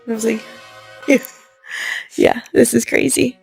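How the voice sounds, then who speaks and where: Gravelly young woman telling a story. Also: a little high, normal speed, soft background music. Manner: animated retelling, acting out quoted lines, laughing often. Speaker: interview guest. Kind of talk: personal storytelling in conversation.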